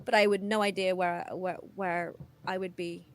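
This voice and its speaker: A woman's voice: on the low side, flat delivery, normal speed. A young woman from the West Midlands with a mixed English accent, chatting casually on a podcast and laughing often. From West Midlands, England. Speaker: podcast guest. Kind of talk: casual chat.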